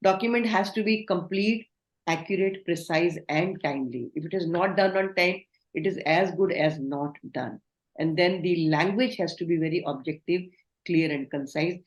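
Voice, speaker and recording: A woman's voice: fairly low pitch, normal speed. A woman giving an online training lecture, instructive and asking the class questions. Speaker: communication trainer. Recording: roomy echo.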